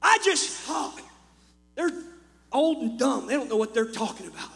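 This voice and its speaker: A man with a very high voice preaches to his church, swinging from quiet asides into impassioned shouting. His voice carries a long reverb from the hall. A faint electrical hum sits underneath. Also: very animated, moderate pace, gravelly. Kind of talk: sermon. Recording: echoey hall with mains hum.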